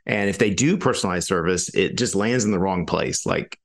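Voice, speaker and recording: A man with a fairly low voice, co-hosting a business podcast. He's easygoing and makes his points through playful everyday stories. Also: a little fast, creaky. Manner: easygoing, tells jokey everyday anecdotes. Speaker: podcast co-host. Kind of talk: casual business podcast chat.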